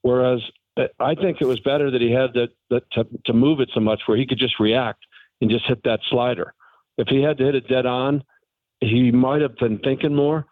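A former pro golfer, a man, talking haltingly but frankly as a phone-in guest on a radio interview. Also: medium pitch, steady tone, no echo. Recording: tinny phone line.

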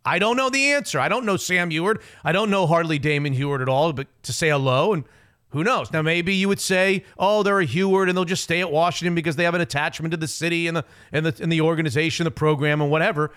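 A man hosting a sports radio show, talking in an opinionated, emphatic, rapid way. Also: fairly high pitch, a bit bright, clean tone. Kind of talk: casual sports talk.

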